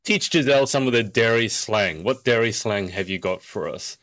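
A chatty man hosts a casual podcast, teasing his co-hosts and guest and laughing easily. His voice sits a bit low and sounds dry and close to the mic. He mentions he is short on sleep. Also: moderate pace, fairly bright tone, no echo. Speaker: podcast host.

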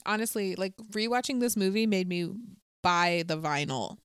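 Chatty young woman with a smooth voice. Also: on the low side, lively intonation, normal speed, a bit bright, no echo, clean studio sound. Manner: chatty, playful, breaks into humming and singing. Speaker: podcast co-host. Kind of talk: casual chat.

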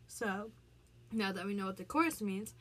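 A woman's voice: medium pitch, animated, normal speed, fairly bright tone. A woman talking casually as a vlogger, explaining the meaning of song lyrics with many fillers and restarts. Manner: chatty, frequent "like" fillers and restarts.

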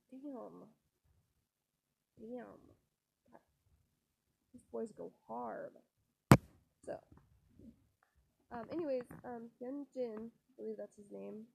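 Gravelly-voiced young woman rambling casually. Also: on the high side, mellow, poor audio. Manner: rambling, gushing, many fillers and restarts. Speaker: podcast host. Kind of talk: casual chatty commentary.

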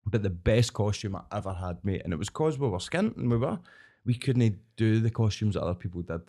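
A man's voice: on the low side, brisk. A Scottish man telling stories in a casual podcast chat, acting out voices and laughing often. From Scotland. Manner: lively storyteller, acts out voices, laughs often. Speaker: podcast guest, entertainer.

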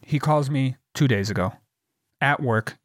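A man's voice: medium pitch, a little slow, dry recording, clean studio sound. A man in casual chat, telling a long story with plenty of swearing and acted-out quotes. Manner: animated storyteller, swears a lot, acts out quotes.

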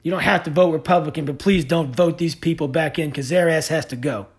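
A man's voice: on the high side, fairly quick. Male podcast host; angry, sarcastic rant peppered with swearing. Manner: heated, profane, sarcastic. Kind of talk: ranting podcast monologue.

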